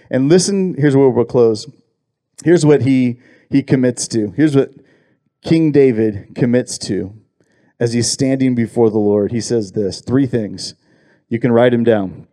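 A man preaching a sermon as a pastor, earnest and emphatic, often repeating words and slowing down on key phrases. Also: mid-range voice, dark tone, no room sound, studio quality.

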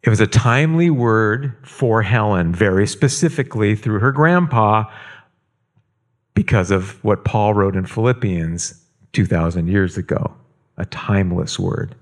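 A middle-aged man, a pastor, telling a story in a sermon in a slow, emphatic way and repeating phrases for weight. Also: fairly low pitch, expressive.

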